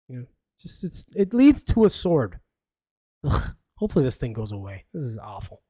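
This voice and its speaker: A man's voice: mid-range voice, very animated, moderate pace, warm tone, slightly rough, dry recording. Sarcastic man with a dry close sound. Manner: sarcastic, rambling, reads news aloud with asides. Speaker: podcast host. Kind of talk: casual live podcast commentary.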